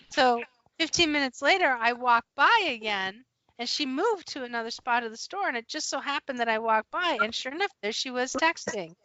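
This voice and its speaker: A bright, forceful middle-aged woman hosts a casual podcast chat, spinning a workplace story with lots of laughter and acted-out quotes. Her voice sits a bit high, and the recording is dry and slightly dull, like a lo-fi podcast mic. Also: a little fast, no room sound. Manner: animated, laughs often, acts out quotes. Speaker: podcast host and HR professional.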